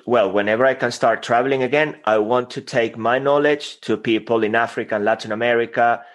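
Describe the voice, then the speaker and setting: A man's voice: mid-range voice, fairly even intonation, brisk. A man whose first language is Spanish, speaking earnestly as a motivational guest in a podcast interview. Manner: earnest, motivational, self-deprecating.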